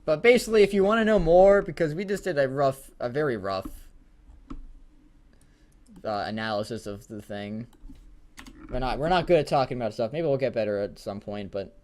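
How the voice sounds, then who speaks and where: A man's voice: medium pitch, normal speed, pauses often, darkish tone. A young man co-hosting a casual podcast, rambling and laughing, swearing freely. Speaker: podcast co-host. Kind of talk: casual chat.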